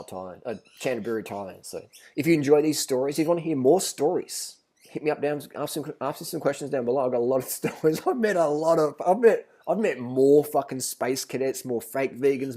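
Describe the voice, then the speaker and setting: A man's voice: mid-range voice, warm tone. A man telling a story in a blunt, rambling, profane vlog rant. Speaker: vlogger.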